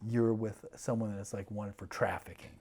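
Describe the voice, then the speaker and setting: A middle-aged man telling a long story in an animated way, full of fillers and restarts, acting out the other people's voices. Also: fairly low pitch, normal speed, husky. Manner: rambling, many fillers and restarts, acts out voices. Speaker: podcast guest, TV producer.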